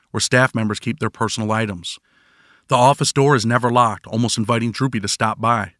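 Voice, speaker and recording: A man's voice: mid-range voice, a bit bright, no room sound. A man narrating his own prison memoir in first person, with dry, wry storytelling.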